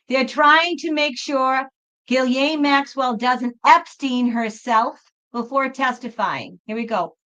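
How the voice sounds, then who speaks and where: Bright-voiced woman tarot streamer. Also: fairly high pitch, highs cut off. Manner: chatty, reassuring, addresses viewers as folks. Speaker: tarot reader and livestream host. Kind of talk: casual livestream commentary.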